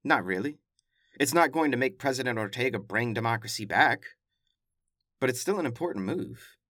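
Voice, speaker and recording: A man's voice: mid-range voice, animated, moderate pace, a bit bright, dry recording. A male podcast host who runs through world headlines in a casual, emphatic way and adds wry, exasperated asides. His voice sits in the middle register and is recorded dry and close, with no room sound. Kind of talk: casual news commentary.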